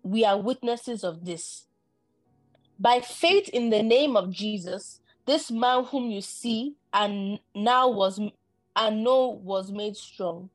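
A woman reading scripture aloud in a steady, deferential way during a sermon. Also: medium pitch, slow, no room sound, faint music behind. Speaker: scripture reader.

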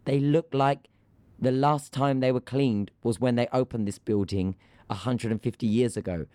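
A man co-hosting an aviation news podcast, talking in a casual, animated, ranting way. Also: medium pitch, moderate pace, clear, resonant tone, no room sound. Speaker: podcast co-host.

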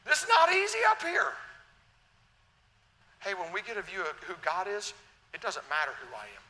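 Bright-voiced preaching man in a hall. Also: sits high, normal speed. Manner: animated preaching, swings from quiet to loud. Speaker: pastor. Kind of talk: sermon. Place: church sanctuary. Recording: church hall reverb, faint ambience.

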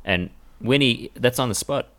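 Brief: male co-host, mid pitch, relaxed dry commentary. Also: moderate pace. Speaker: podcast co-host. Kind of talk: casual chat.

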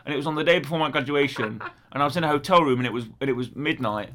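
A man's voice: on the high side, rapid-fire, pushed and bright. A man co-hosting a podcast, chatting casually, teasing and laughing often. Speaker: podcast co-host. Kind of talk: casual chat.

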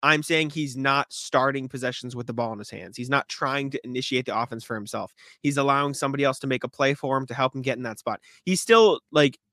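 A man co-hosting a podcast in casual sports chat, rambling with restarts and clearing his throat, hiccuping. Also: medium pitch, fast, hardly any pauses, bright, forceful tone, dry recording, studio quality. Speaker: podcast co-host.

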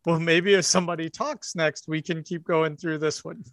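A man's voice: a little high, fairly even intonation, normal speed, a bit bright, no room sound, clean studio sound. A man running a tabletop game and reading out its setup. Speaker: game master. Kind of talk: reading scenario text.

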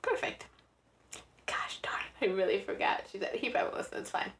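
A woman co-hosting a podcast in casual chat, playful and quick to laugh. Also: mid-range voice, expressive, fairly bright tone, whispered. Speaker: podcast co-host.

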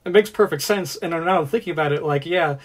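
Thoughtful man with a raised pitch. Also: fast talker, breathy edge. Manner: thoughtful, agreeable, reflective. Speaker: podcast co-host. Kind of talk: casual group review chat.

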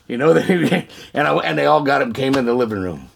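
A man telling his testimony in an animated, folksy way, often laughing and repeating words. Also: mid-range voice, quick pace, vocal fry, a little hiss or hum. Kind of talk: animated storytelling.

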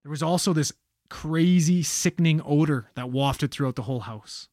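A man casually retelling a spooky story on a podcast, animated and swearing freely. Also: fairly high pitch, moderate pace, no room sound, clean studio sound. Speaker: podcast co-host telling a story.

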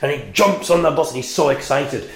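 Gravelly man rambling in an echoey toilet. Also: fairly high pitch, lively intonation, a little fast. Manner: rambling, wry and self-mocking. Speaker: podcast host and band member. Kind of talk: casual storytelling monologue. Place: venue toilet with a shower. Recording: echoey small toilet room.

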